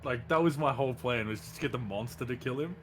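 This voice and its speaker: A man's voice: medium pitch, quick pace, slight background noise. A man playing a tabletop game, joking and swearing in casual banter with the table. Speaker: player.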